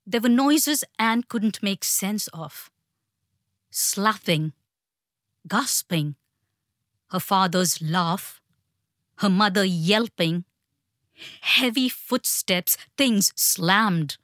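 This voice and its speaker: A woman narrating an audiobook in a measured, tense storytelling manner. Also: medium pitch, lively intonation, a bit bright, dry recording, studio quality.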